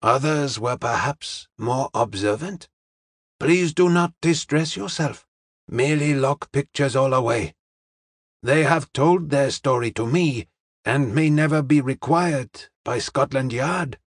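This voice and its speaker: A man's voice: mid-range voice, breathy edge, no echo, studio quality. A man voicing a courteous middle-aged male detective who speaks formally and evenly. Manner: polite, formal, measured.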